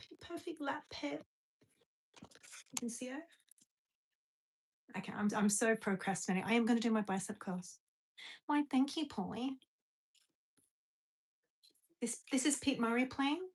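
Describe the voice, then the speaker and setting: A woman's voice: on the high side, slightly rough. A woman with an Australian accent chatting casually on a home livestream, rambling and talking to a dog between remarks.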